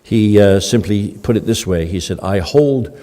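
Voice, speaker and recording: Speaking at a moderate pace with fairly even intonation, an older pastor gives a conversational sermon riddled with fillers and restarts. His voice is lowish and dark. Long hall reverb fills the church space around him.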